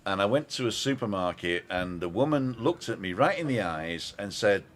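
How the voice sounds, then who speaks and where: A man's voice: fairly low pitch, expressive, moderate pace, fairly bright tone. A man from Britain co-hosting a live chat show, telling stories and reading viewer comments aloud in a chatty way. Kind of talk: casual live-stream chat.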